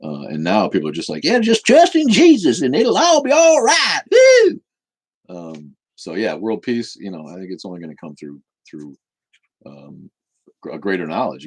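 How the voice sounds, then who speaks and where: A very low, husky man in his fifties. He hosts a casual live Q&A, answering bluntly and swearing freely. His voice sits at the deep bottom of the range. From United States. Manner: blunt, profane, opinionated. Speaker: show host. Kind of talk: live-stream Q&A chat.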